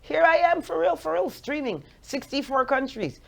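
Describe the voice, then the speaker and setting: Jamaican lady in her 40s hosting radio, playful and preachy, kinda high voice. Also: lively intonation, normal speed, gravelly. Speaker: radio show host. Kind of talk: motivational radio talk.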